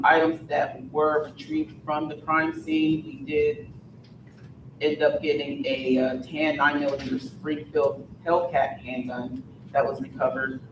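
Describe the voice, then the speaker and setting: A man's voice: a little high, far from the mic. A man working as a police detective, giving a plain, tired crime briefing at a community forum. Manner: tired, plain report with small stumbles. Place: community meeting room. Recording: echoey room recorded from afar, noisy.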